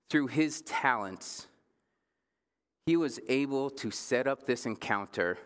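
A man in his thirties, a pastor giving a casual sermon, joking with the congregation and slowing down for emphasis. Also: on the low side, a bit bright, clean tone, big-room sound. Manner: conversational preaching with jokes and slow emphatic phrases. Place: church sanctuary.

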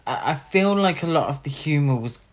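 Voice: mid-range voice, animated, a little fast. Exasperated film critic, sweary. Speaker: podcast co-host. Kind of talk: casual film review chat.

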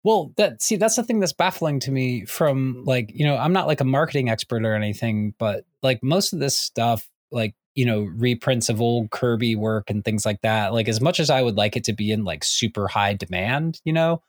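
A man's voice: medium pitch, moderate pace, hardly any pauses, no room sound, clean studio sound. A man co-hosting a casual comics podcast, rambling and full of restarts. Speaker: podcast co-host. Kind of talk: casual chat about comics.

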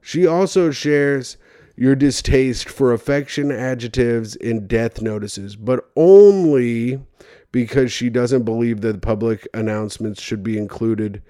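A man's voice: medium pitch, a little slow, dark tone, smooth, no echo, clean studio sound. A man doing profane, mocking comedic commentary as he reads advice letters aloud and rants over them.

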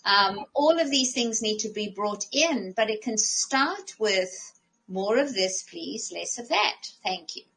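A woman's voice: medium pitch, expressive, unhurried, gravelly, a bit bright, poor audio. A woman co-hosting a casual podcast as a life coach, talking animatedly, often restarting phrases and acting out her own thoughts.

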